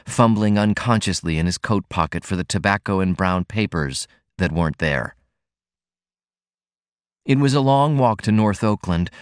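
A man reading a novel aloud as an audiobook narrator, in a measured, even manner. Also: on the low side, clear, resonant tone, no room sound, clean studio sound. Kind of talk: scripted narration.

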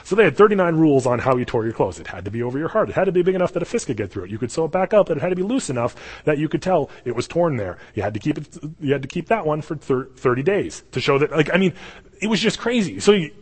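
Husky-voiced male preacher in a reverberant hall. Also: a little high, rapid-fire. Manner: animated storytelling, acts out quoted voices. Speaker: pastor. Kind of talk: sermon. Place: church sanctuary.

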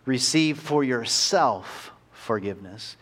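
A man preaching a sermon as a pastor, earnest, climbing to pleading peaks and then dropping soft and slow. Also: mid-range voice, lively intonation, breathy edge.

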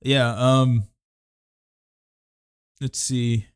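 A man co-hosting a film podcast, talking haltingly with many fillers. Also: mid-range voice, level tone, smooth. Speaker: podcast co-host. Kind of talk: casual chat.

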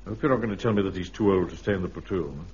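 An actor playing a pompous, fussy, bossy middle-aged bank manager and platoon captain in a radio sitcom, heard on a hissy archive recording. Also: male voice, sits low, rapid-fire, darkish tone, muffled recording, lightly acted. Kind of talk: 1970s radio sitcom acting.

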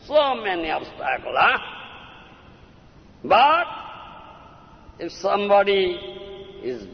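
A man giving a devotional sermon as a spiritual teacher, often checking his listeners with "huh?" and "isn't it?" and rapidly chanting verse lines between his English explanations. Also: high-pitched, big pitch swings, vocal fry. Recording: dull lo-fi recording in a reverberant hall.

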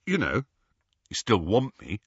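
A man voicing a blunt, awkward young man who talks loudly and haltingly. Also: lowish voice, huge pitch swings, slightly rough, dry recording, lo-fi sound, full character voice.

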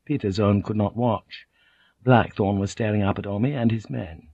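Male narrator, low voice, measured reading, muffled dry recording. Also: fairly even intonation, mellow, slightly rough, no room sound. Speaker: audiobook narrator. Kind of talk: scripted narration.

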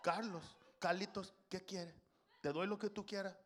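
Man doing a soft-spoken, fawning restaurant server. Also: high-pitched, steady tone, moderate pace, close to an everyday voice. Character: middle-aged Spanish-speaking restaurant server, warm and effusive.

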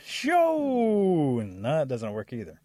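Husky man, lowish register, animated oral storyteller voicing the animals of the tale. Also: a little fast, no room sound, studio quality.

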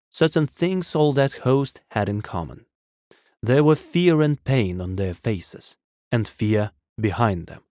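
A man reading a story aloud in measured, dramatic scripted narration. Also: mid-range voice, dark tone, no echo, clean studio sound. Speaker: audiobook narrator.

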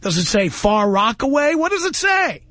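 Sarcastic radio host guy, really high voice, bounces all over, dry studio sound. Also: big pitch swings, normal speed, sharp tone, no room sound. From New York. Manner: sarcastic, condescending, needling. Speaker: radio talk show host. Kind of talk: call-in talk radio. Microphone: studio broadcast mic.

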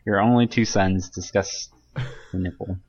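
A man's voice: low voice, fairly even intonation, unhurried, a little mellow. A young man co-hosting a podcast, talking in a wry, slightly awkward way. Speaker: podcast co-host. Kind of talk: casual chat. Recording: dull lo-fi sound.

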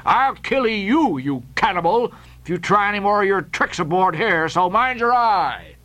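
Gaunt ship captain done by a man, angry roar, lively swings, storybook reading. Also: a little high, a little fast. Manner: roaring, threatening.

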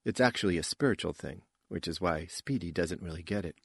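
A man reading an audiobook, voicing a confident young woman spacefarer in a brisk, lifted voice. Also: low voice, creaky, breathy edge, no room sound, exaggerated voice.

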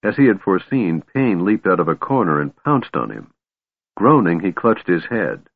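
A man narrates a fantasy novel in a lowish, husky voice that moves a lot in pitch. He reads expressively. The recording is dry and thin, like a phone line. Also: moderate pace, no room sound. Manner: expressive, voices each character. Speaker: audiobook narrator. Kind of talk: scripted narration. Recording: tinny phone-like dry sound.

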